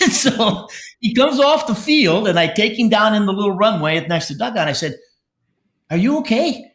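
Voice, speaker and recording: A man with a high, very lively voice spins a story, acting out both sides of the dialogue. He laughs as he talks, and his voice rings in a roomy, echoey space. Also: normal speed. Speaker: show host, former baseball manager. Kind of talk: casual storytelling conversation. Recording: roomy echo.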